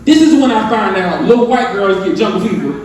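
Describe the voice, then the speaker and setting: Young man, Southern US accent, stand-up comic, high voice, distant mic in a very echoey room. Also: fairly quick. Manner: loose, animated storytelling with crowd questions. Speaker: stand-up comedian. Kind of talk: stand-up set. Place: live comedy venue with audience.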